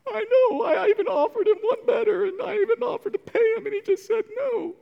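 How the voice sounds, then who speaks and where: Sobbing spoiled king, squeaky and whiny, put on by a man. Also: a little slow, big-room sound, lo-fi sound. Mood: whining. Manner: whiny, sobbing, high-pitched. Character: spoiled grown king whimpering like a child.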